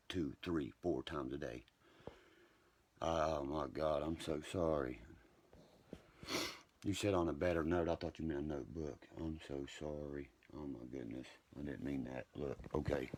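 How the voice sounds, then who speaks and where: A man, rambling profanely on a live stream, moving between angry rants and quiet apologies. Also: a little hiss or hum. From West Virginia. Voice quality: deep gravelly voice. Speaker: social media live streamer.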